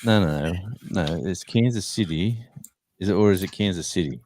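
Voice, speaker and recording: Deep-voiced older man telling stories. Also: moderate pace, a little mellow, a little hiss or hum. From Australia. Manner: rambling anecdotes with restarts and laughter. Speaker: live chat host. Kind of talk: casual storytelling chat.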